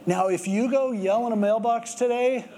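A man, preaching a sermon and telling stories in a relaxed, conversational way. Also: very high voice, moderate pace, noisy background. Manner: conversational storytelling, with lively acted quotes. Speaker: pastor.

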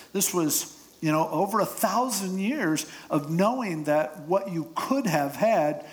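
Animated man telling a funny sermon story. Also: fairly high pitch. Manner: humorous, casual storytelling. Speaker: pastor.

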